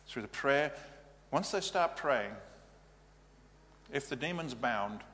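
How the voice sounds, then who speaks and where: A man's voice: medium pitch, lively intonation, takes it slowly, long pauses, a bit bright. A male pastor giving a practical, matter-of-fact teaching sermon in a church. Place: church hall. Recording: reverberant hall, faint hum.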